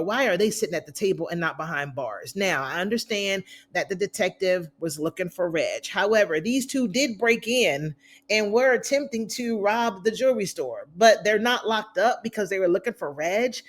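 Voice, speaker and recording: A woman giving a casual TV episode recap, talking through scenes with fillers and quick asides and acting out the characters' lines. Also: mid-range voice. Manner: chatty, acts out characters' lines in quotes; conversational with frequent fillers and asides. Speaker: TV recap reviewer.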